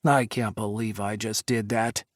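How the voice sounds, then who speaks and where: A man voicing a gruff, tense male agent who talks in a clipped, growling way. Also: fairly low pitch, little pitch movement, unhurried, no room sound, studio quality, close to an everyday voice. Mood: disbelieving.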